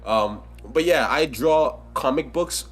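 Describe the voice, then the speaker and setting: A man's voice: mid-range voice, lively intonation, takes it slowly. A young man co-hosting a casual podcast, joking and swearing loosely, with a scratchy voice. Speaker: podcast co-host. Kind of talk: casual chat.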